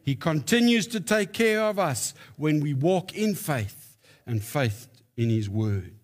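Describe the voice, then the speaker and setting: A man's voice: fairly high pitch, expressive, slow. A man preaching a sermon, telling stories with emphatic rises. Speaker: pastor.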